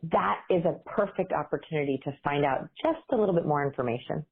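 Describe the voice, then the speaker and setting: Low, husky woman guest, animated explainer, heard over a tinny phone-like remote line. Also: a little fast, slight background noise. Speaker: interview guest, behavior researcher.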